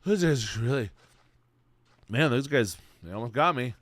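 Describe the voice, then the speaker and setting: A man's voice: mid-range voice, lively intonation, unhurried, a bit bright, no room sound. A man voicing a weary, bewildered zebra that is being chased by hunters, muttering in confusion. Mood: baffled. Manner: baffled and exasperated muttering.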